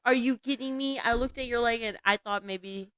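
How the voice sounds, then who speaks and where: A woman joins a casual podcast as a guest. Her voice is smooth and clear, and she banters playfully with the host. The sound is dry and close to the mic. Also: a little high, moderate pace, fairly bright tone, no room sound.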